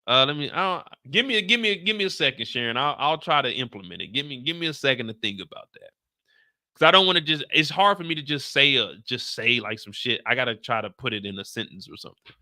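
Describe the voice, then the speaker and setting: A man hosting a live stream, recapping a TV episode in casual chat, animated and slangy and talking straight to his viewers. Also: mid-range voice, fast, no room sound, clean studio sound. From United States. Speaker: show host recapping a TV episode.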